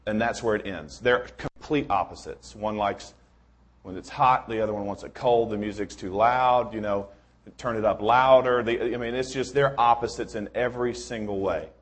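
A man's voice: on the low side, moderate pace. Informal, rambling male preacher. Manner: informal, rambling, many restarts, joking. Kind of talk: sermon.

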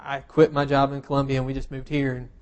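A man delivers a sermon in an informal, talky style, his voice sitting at an ordinary middle pitch. He slips wry, self-deprecating jokes in between scripture points and pads his phrases with easy fillers. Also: flat delivery, quick pace, lo-fi sound. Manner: casual and self-deprecating, with humorous asides and frequent fillers. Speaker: preacher. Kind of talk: conversational sermon.

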